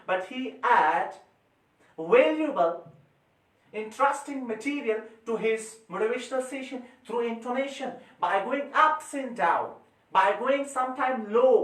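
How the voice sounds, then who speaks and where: A man lectures his students with forceful energy, swinging his voice up and down and repeating his points. He sounds a little distant from the microphone. The classroom around him rings with echo. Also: very high-pitched. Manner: emphatic, repeats phrases, forceful rises and drops. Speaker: teacher. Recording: echoey room, mic far off.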